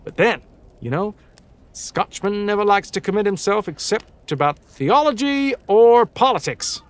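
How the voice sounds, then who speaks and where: A man reads old campfire tales aloud for his stream audience, his voice on the high side and swinging widely. He stumbles over words, corrects himself and drops into offhand, swearing remarks before picking the story back up. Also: animated, measured pace. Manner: stumbling over words, breaks off for joking asides; casual, swears now and then. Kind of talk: casual live-stream read-aloud of old stories.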